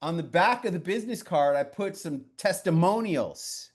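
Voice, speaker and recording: Male media coach, fairly high voice, blunt and animated, swears casually while telling stories. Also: moderate pace, breathy edge. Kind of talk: coaching session with storytelling.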